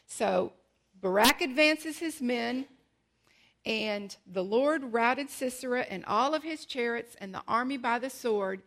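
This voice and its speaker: Lady teaching a bible story, lively, slows down to make a point, fairly high voice. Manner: animated storytelling, slows for emphasis, asks rhetorical questions.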